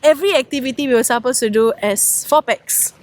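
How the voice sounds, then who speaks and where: A young woman, co-hosting a casual podcast chat and eager to tell her own story. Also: high voice. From Singapore. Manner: chatty, quick to correct and take over the story. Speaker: podcast co-host. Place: outdoors.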